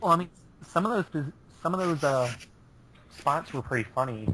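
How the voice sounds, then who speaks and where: A man's voice: a little high, expressive, moderate pace, pushed and bright, slight background noise, rough recording. A man on a casual panel chat, laid-back, peppering his talk with "I mean".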